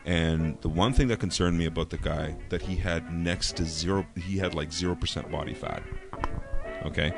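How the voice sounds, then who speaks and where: A very deep-voiced man talks in casual podcast banter, blunt and tough with plenty of swearing. Faint music runs in the background. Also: fairly even intonation, normal speed, vocal fry. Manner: blunt, profane, tough-talking. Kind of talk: casual chat.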